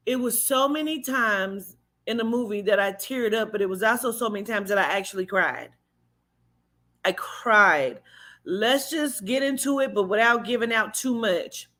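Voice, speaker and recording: A woman's voice: a little high, fairly bright tone. A woman in a casual vlog, emotionally recapping a movie she saw, speaking candidly with fillers and the odd swear word. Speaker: vlogger and spiritual reader.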